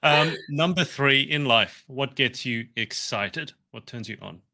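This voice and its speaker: A man hosting an interview, briskly and amiably running through a list of questions. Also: medium pitch, vocal fry, pushed and bright.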